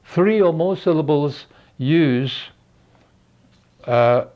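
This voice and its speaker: An older man teaching English spelling, explaining slowly with frequent pauses and fillers. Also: mid-range voice, expressive. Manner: slow, halting explanation with many fillers. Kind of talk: unscripted lesson. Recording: dull lo-fi recording.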